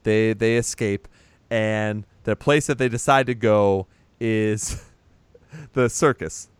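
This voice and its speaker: A man's voice: lowish voice, slow pace, smooth, dry recording. A man recapping a film in loose casual chat, swearing freely and laughing as he retells the scenes. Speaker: podcast co-host recapping a film.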